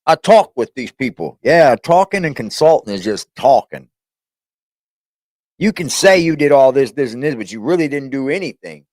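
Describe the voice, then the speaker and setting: A man hosting a reaction channel, talking casually and crudely with teasing asides and loud whoops. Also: mid-range voice, animated, normal speed, dry recording.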